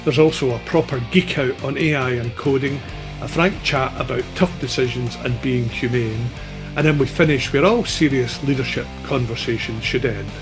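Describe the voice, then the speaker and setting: A man's voice: medium pitch, moderate pace, over music. A man with a Scottish accent hosting a podcast, chatting casually and teasing his guest. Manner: playful, teasing. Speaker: podcast host. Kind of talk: casual interview chat.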